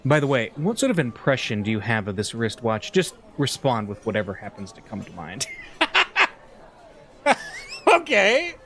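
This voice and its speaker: A man's voice: mid-range voice, wildly swooping pitch, normal speed, long pauses, fairly bright tone, slight background noise. A man playing a visual novel, reading the story aloud with amused, chuckling commentary. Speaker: let's play gamer.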